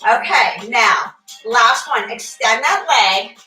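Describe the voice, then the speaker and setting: Woman barre instructor, slightly high voice, cheerful cueing, recorded on a distant mic in a roomy space. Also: lively intonation, slow, sharp tone. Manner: upbeat, counts reps aloud, chats with class members by name. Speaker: fitness instructor. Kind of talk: live-streamed workout class cueing. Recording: echoey room, voice from far off, faint music.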